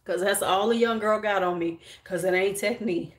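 A woman's voice: medium pitch, moderate pace, slight background noise. Frank, bawdy middle-aged woman. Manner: frank, bawdy, joking with viewers. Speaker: beauty livestream host. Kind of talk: casual chat while doing makeup.

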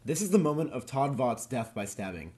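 A young man narrating a police evidence transcript in a deliberate, formal reading. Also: medium pitch, very animated, dark tone, natural voice. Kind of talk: read-aloud case transcript narration.

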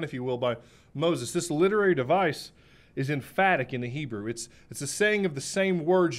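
Male preacher, slightly high voice, emphatic sermon delivery, repeats and slows on key points. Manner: clears throat now and then.

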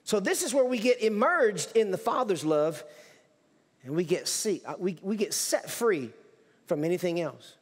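A male pastor preaching in a church sanctuary, his voice high and animated. He talks emphatically, repeating and restarting phrases. A long hall reverb trails behind each line. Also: normal speed. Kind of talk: sermon.

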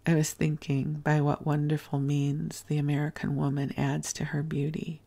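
A woman reading the lines of a naive, admiring male foreign minister, in a gentle, soft-spoken way. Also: low-pitched, monotone, normal speed, vocal fry.

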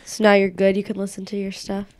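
A woman's voice: medium pitch, completely flat delivery, fast talker. A woman co-hosting a podcast, asking friendly questions in a casual chat. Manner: friendly, brief backchannels and questions. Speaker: podcast co-host.

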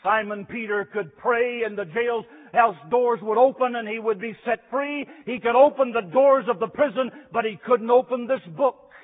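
A man's voice: extremely high pitch, normal speed, few pauses. A middle-aged man preaching a sermon in a chapel, with a rhythmic, repetitive cadence. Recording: phone-like archival chapel recording with long reverb.

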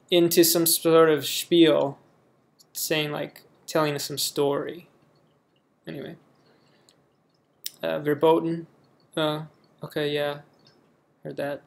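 Slow, gravelly young American man. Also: on the high side, little pitch movement. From United States. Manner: reads words aloud and reacts offhandedly. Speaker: vlogger. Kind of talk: casual reaction video.

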